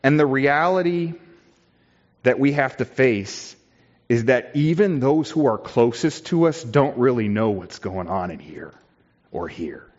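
Male pastor, unhurried sermon delivery, muffled lo-fi sound. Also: mid-range voice, expressive, darkish tone. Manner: slow, emphatic preaching with repeated phrases. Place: church.

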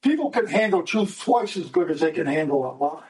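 High-voiced man, distant from mic. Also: animated, a little fast, darkish tone. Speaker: study group member. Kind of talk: casual group discussion.

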